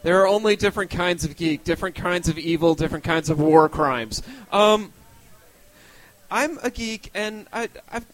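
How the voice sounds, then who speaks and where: A young man with a notably high voice performs stand-up, poking fun at himself. He rambles, restarts his sentences and fills the gaps with little hesitations. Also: normal speed, rough recording. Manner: self-deprecating, rambling with restarts. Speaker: stand-up comedian. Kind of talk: stand-up set.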